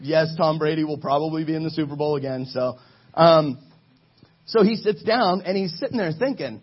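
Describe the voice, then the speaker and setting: A man's voice: fairly high pitch, moderate pace, husky, muffled recording. A man giving a casual, joking sermon to a live group, telling stories in a chatty way.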